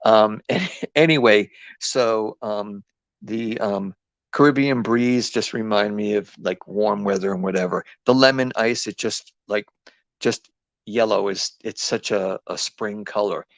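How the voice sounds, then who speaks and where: A man's voice: lowish voice, unhurried, gravelly, no echo. A man with an East Coast accent hosting a live craft demo, rambling and chatty with lots of ums and restarts. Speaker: craft host.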